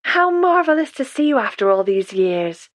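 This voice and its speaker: A woman's voice: sits high, big pitch swings, normal speed, no echo, pitched above the performer's own voice. A woman voicing a sprightly elderly retired midwife with a faint Scottish accent, motherly and gushing, in an audiobook reading. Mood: warm. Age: older.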